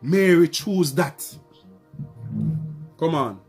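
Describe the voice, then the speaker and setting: High-voiced emphatic male preacher. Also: animated, extremely slow, a little mellow, faint music behind. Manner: emphatic, repeats phrases, calls out to the congregation. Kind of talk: sermon.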